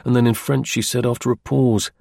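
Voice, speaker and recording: A male audiobook narrator reading an old-fashioned tale in a measured, formal way. His mid-pitched voice is gravelly and a little husky. The recording is dry and close. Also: level tone, mellow, no echo. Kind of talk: scripted narration of a period novel.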